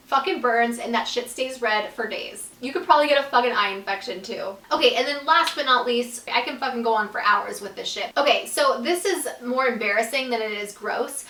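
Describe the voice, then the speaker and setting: Speaking with a fairly high, bright, forceful voice, this young female vlogger shares a storytime that's casual, blunt and profane, leaning heavily on "like." The mic picks her up from a bit of a distance, with a roomy echo around her.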